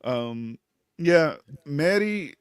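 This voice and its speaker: Soft-spoken man in a dry room. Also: a little high, lively intonation, extremely slow, smooth, no room sound. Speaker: podcast co-host. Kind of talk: casual review chat.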